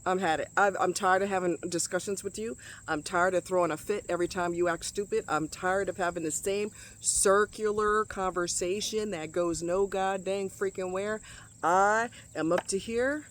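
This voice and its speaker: A woman's voice: medium pitch, fairly even intonation, moderate pace. A middle-aged woman vlogging outdoors, venting bluntly with heavy swearing and emphatic repetition. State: sweating in the heat. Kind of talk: outdoor vlog rant. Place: outdoors in hot muggy nature.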